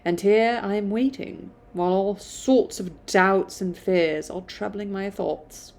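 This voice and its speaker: A woman's voice: mid-range voice, takes it slowly, darkish tone. A woman reading a classic novel aloud, stumbling now and then and stopping for casual asides. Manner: stumbles and restarts, self-commenting.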